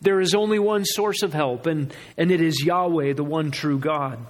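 A man's voice: fairly high pitch, moderate pace. A man preaching a sermon, earnest and emphatic, often restarting his phrases as he explains a text. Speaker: pastor.

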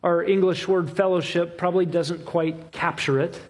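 A male preacher with a fairly high, husky voice delivers an expository sermon. He builds rhythmic, repeated phrases and slows right down to stress the key lines. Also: steady tone. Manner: emphatic, rhythmic repetition with slow stressed phrases.

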